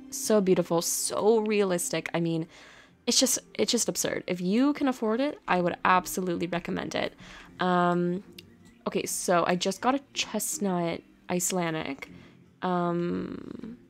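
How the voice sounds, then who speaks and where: A woman's voice: fairly low pitch, normal speed. Woman, gaming channel host, chatty and gushing, easily thrilled, faint background music. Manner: gushing, excitable, talks to her game horses. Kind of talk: casual game commentary.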